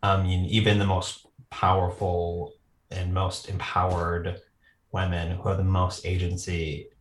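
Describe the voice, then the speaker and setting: Low-voiced speaker on a distant roomy mic. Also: flat delivery, a little slow. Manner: thoughtful, hesitant, many fillers. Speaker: podcast co-host. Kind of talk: casual discussion.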